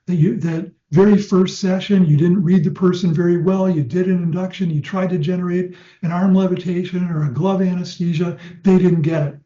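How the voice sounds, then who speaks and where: An older man teaching clinical hypnosis in a conversational lecture style, telling stories and slowing down to demonstrate gentle hypnotic suggestions. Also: high-pitched, fairly even intonation. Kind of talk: lecture to trainees. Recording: dull, roomy lecture-hall sound.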